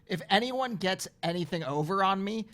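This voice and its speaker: A man hosting casual comedic chat, cutting in with quick jokes. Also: high-pitched, animated, fairly bright tone.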